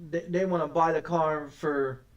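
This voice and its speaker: A man's voice: fairly high pitch, steady tone, moderate pace, recorded from a distance, lo-fi sound. A man streaming a game and ranting as he plays, swearing often and stammering over repeated words. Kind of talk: casual gameplay commentary.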